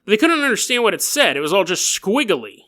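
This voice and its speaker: A man's voice: high-pitched, very animated, a little fast, bright, forceful tone. A man hosting a podcast, telling a strange story in a playful, jokey way, giggling through his lines and riffing on tangents. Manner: riffs and goes off on tangents. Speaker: podcast host. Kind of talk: comedic storytelling narration.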